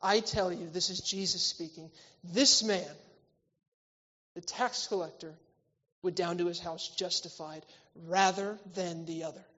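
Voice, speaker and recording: A man preaching a church sermon, swinging between loud, emphatic lines and quiet, intimate ones. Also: high voice, steady tone, unhurried. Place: church hall. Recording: reverberant hall, slightly dull sound.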